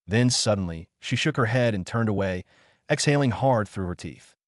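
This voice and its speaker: With a fairly low voice and moderate pace, a male audiobook narrator tells a fantasy tale in a calm, even manner. The sound is clean studio audio without any echo.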